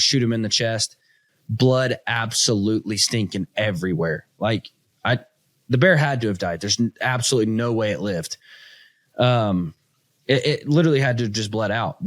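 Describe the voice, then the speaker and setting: A man in his thirties hosting a casual chat, telling hunting stories with lively, slangy energy. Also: on the low side, dry recording, studio quality. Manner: animated storyteller, says "dude" and "stinking". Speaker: podcast host.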